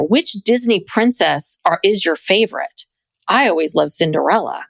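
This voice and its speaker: Gravelly animated woman podcast co-host. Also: medium pitch, normal speed, no echo, studio quality. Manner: animated, laughing, mimicking others. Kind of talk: casual chat.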